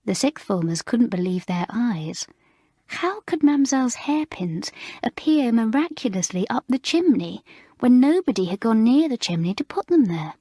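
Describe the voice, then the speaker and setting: A woman reading a children's school story aloud in an expressive, measured narration. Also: fairly high pitch, slightly rough, no room sound, studio quality. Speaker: audiobook reader.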